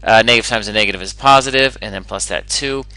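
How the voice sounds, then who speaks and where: A man's voice: lowish voice, fast, bright, forceful tone, smooth, no room sound, low-quality recording. A man teaching a recorded algebra lesson in an upbeat way, explaining step by step and asking the listener questions. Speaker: math teacher.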